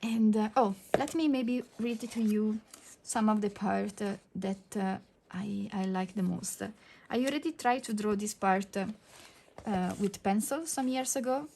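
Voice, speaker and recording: A woman with an Italian accent talking through a drawing tutorial, soft-spoken and hesitant with many fillers, sometimes dropping to a near whisper as she works. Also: mid-range voice, a little slow, gravelly, slight background noise. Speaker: digital art tutor.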